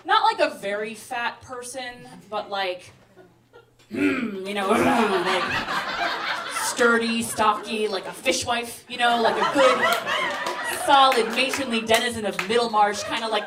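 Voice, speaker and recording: A woman in her thirties, originally from Brooklyn, performing a stand-up comedy set on a club stage with a quick, sardonic delivery. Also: a little high, very noisy. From Brooklyn, New York, raised in Texas. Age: 30s. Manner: quick, sardonic, acts out characters. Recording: roomy club recording, heard from a distance. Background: audience laughing.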